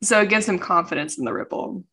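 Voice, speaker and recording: A woman's voice: on the low side, animated, quick pace, a bit bright, husky. A woman co-hosting a casual podcast, chatty and enthusiastic, wandering off on tangents. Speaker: podcast co-host.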